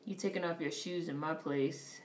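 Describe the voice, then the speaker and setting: A woman on a casual live stream who reads viewer comments aloud and reacts to a film in a blunt, profane, animated way. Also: deep voice, moderate pace, far from the mic, slight background noise. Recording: roomy, off-mic sound.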